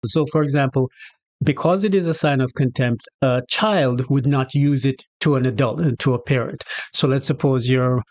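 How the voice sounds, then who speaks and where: A man's voice: mid-range voice, moderate pace, dry recording. Jamaican guy teaching patois, laid back chatty vibe, dry close sound. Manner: relaxed, chatty, acts out little scenarios with quoted voices. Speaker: channel host teaching patois. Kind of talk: casual explanatory lesson to camera.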